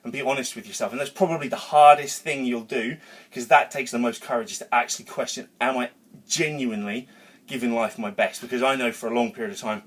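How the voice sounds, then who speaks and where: A man giving an energetic, rambling motivational talk to camera in his home garage gym, worked up after a workout and swearing casually. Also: mid-range voice, fast talker. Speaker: vlogger.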